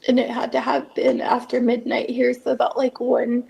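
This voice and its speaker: A woman's voice: fairly high pitch, monotone, moderate pace, vocal fry, warm tone, husky. A woman giving an emotional account in an interview, tearful, her voice breaking at times. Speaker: interviewee recounting a family ordeal.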